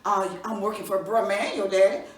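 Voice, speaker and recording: A woman voicing a sly, hungry male rabbit trickster in a folk tale, with folksy drawn-out exclamations. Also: mid-range voice, little pitch movement, close to an everyday voice. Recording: roomy echo from a distance, faint room noise.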